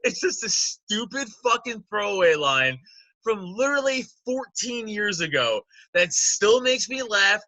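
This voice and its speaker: A man in his thirties hosting a casual podcast, swearing freely and laughing often. His voice is high and very bright. He is recorded close on a dry mic. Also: unhurried, no echo. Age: 30s. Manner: profane, animated, laughs often. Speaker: podcast host. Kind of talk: casual chat.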